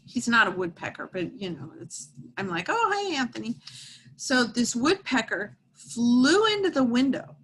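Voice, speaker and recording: A middle-aged woman, a medium, telling a heartfelt story and reassuring a support group in an earnest, gentle way. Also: a little high, animated, normal speed, hardly any pauses, slight background noise, poor audio.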